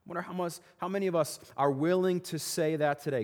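A man's voice: a little high, fast talker, few pauses, a little mellow. A man giving a sermon as pastor, asking rhetorical questions and often repeating his words. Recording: long reverb of a large hall.

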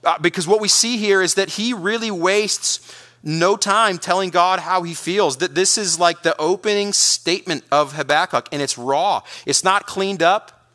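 A man preaching a sermon, energetic and emphatic, often repeating words as he pushes his point. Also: high voice, normal speed. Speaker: pastor.

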